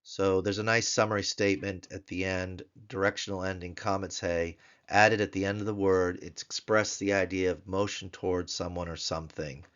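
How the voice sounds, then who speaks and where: Deep-voiced male tutor, patient and repetitive, dull muffled recording. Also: little pitch movement, fairly bright tone. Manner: patient, repeats words slowly for pronunciation drill. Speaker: Biblical Hebrew tutor. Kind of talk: recorded grammar lesson.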